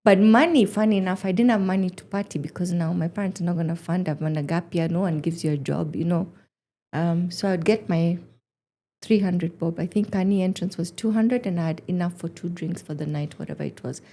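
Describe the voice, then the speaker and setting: A woman in her forties, a podcast guest in casual chat, telling animated stories and acting out quotes. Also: lowish voice, brisk. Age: 40s. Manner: animated storyteller, acts out quotes.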